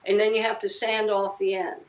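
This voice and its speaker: A woman's voice: mid-range voice, little pitch movement, a little fast, lo-fi sound. A woman in her seventies, a guest musician, chatting casually in an interview and telling rambling anecdotes full of restarts. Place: living room at home.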